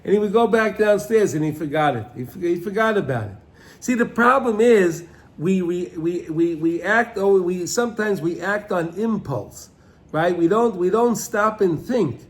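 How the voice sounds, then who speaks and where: A man with a high voice teaches a Torah class in a loose, talky way. He keeps checking in with "right?" and says things twice. Hebrew and Yiddish words come up often as he speaks. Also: lively intonation, normal speed. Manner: conversational, keeps asking "right?" and repeating himself; mixes in Hebrew and Yiddish terms. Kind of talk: Torah class on the weekly portion.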